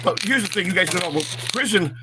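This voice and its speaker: A man hosts a loose walk-and-talk vlog, rambling along with plenty of fillers and words repeated as he restarts. His voice sits a little higher than most men's. It is caught on a handheld phone outdoors, with a faint hiss of noise behind him. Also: animated, fast. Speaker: vlog host.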